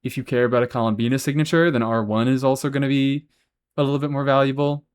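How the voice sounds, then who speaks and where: A man's voice: mid-range voice, flat delivery, fast talker, clean tone. A man live-streaming a game, chatting casually and answering chat, swearing freely as he talks. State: has hiccups.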